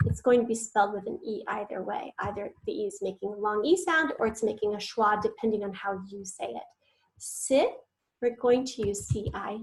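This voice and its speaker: A woman's voice: medium pitch, normal speed, low-quality recording. A woman teacher giving an online spelling lesson, patiently sounding out words syllable by syllable and sometimes whispering the letters.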